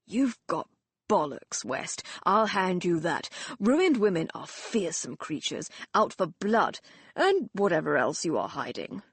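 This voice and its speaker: A woman voicing a drunken, mocking young Victorian gentleman who talks loudly and slurs his words. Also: lowish voice, big pitch swings, a little slow, breathy edge, no echo, full character voice. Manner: loud, slurring, teasing.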